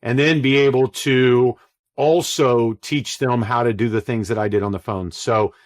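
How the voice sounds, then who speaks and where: A man in his forties, relaxed and conversational, telling his career story as a podcast guest and acting out quoted lines. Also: medium pitch, normal speed, dry recording. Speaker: podcast guest, call center executive. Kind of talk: casual storytelling interview.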